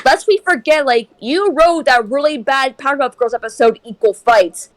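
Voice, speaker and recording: A woman's voice: high voice, moderate pace, no room sound. A woman streaming a game and chatting casually, airing strong opinions in a ranting way. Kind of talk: casual chat while gaming.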